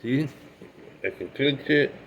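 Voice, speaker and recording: A man's voice: mid-range voice, takes it slowly, lo-fi sound, a little hiss or hum. A man in his sixties chatting casually as he shows off his pipes, rambling with many asides and restarts. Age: 60s. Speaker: pipe collector showing his pipes. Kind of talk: casual show-and-tell chat.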